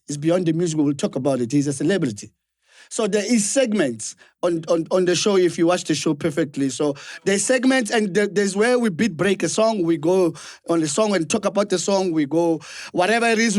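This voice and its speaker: High-voiced South African man explaining. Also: a little mellow, dry recording, clean studio sound. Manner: repeats words, mixes English and Zulu, explains at length. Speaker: podcast co-host. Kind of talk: live podcast Q&A.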